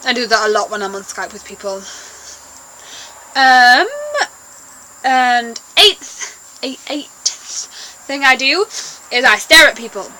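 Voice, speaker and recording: Bubbly girl with a bright voice. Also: fairly high pitch, slow, long pauses, poor audio. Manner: bubbly, rambling, playful. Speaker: vlogger. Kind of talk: casual chat to camera.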